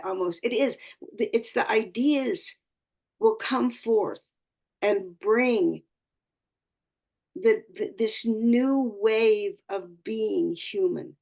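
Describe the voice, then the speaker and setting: A woman speaking slowly and thoughtfully, her voice often dropping into a gravelly fry. She talks as an astrologer on a community call, earnest and spiritual, circling back and restarting her phrases as she searches for the right words. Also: on the high side. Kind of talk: reflective talk on a community call.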